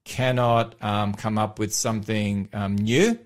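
A man's voice: fairly low pitch, unhurried. An Australian pastor co-hosting an afternoon radio show. His talk is loose and rambling, full of ums and restarts, and he laughs easily. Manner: chatty, animated, laughs often, rambling with fillers. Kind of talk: casual radio chat. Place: radio studio.

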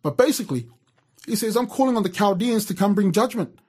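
A man from New Zealand talks through a devotional in an easy, storytelling way, tripping over restarts and fillers as he goes. His voice sits a little higher than most men's. It has a husky, slightly breathy edge. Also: expressive, a little fast, a little mellow. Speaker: radio presenter giving a devotional. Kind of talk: casual devotional talk.

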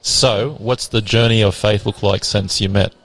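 A man's voice: lowish voice, fairly even intonation, normal speed, fairly bright tone, rough recording. A man interviewing a guest, prompting him with short questions and follow-ups.

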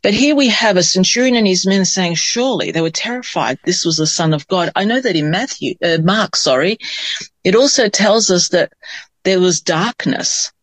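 A man's voice: high voice, expressive, normal speed, a bit bright, no echo. Man reading scripture, dry sound. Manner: reads scripture aloud, then comments thoughtfully. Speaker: Bible study discussant. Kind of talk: Bible study discussion.

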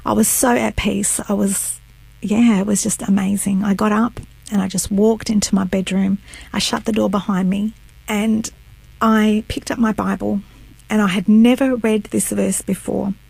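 A woman's voice: medium pitch, flat delivery, moderate pace, vocal fry, a little mellow, no room sound, low-quality recording. A middle-aged woman giving her personal testimony as an interview guest, telling her story earnestly and acting out what others said. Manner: earnest storytelling, acts out quotes.

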